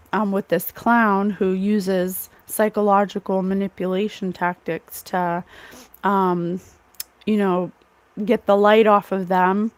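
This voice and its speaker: A woman's voice: mid-range voice, a little mellow. A woman giving a casual, rambling psychic tarot reading, full of fillers and asides. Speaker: psychic reader.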